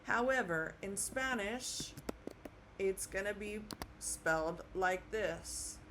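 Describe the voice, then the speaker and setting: A woman giving an online language lesson, slowly spelling out letters and repeating each sound patiently. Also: medium pitch, fairly bright tone, a little hiss or hum. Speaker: Spanish teacher.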